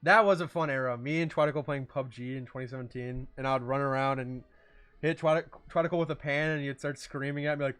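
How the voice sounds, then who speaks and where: A young man hosts a loose streamer podcast in a voice of middling pitch. He rambles and jokes, trails off into quiet mumbles, then jumps into loud, excited bursts. Faint music plays underneath. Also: fairly quick, smooth. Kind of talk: casual chat.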